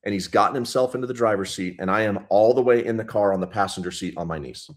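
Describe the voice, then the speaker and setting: Deep-voiced man in his thirties, police sergeant, blunt and profane interview guest. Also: fast talker, a little hiss or hum. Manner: blunt, profane, intense retelling. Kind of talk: casual storytelling interview.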